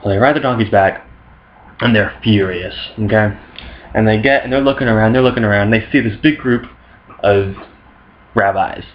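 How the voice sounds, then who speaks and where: A man's voice: on the low side, moderate pace, long pauses, lo-fi sound. A young man rambling through an off-the-cuff comic retelling of a story, full of slang and asides. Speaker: vlogger.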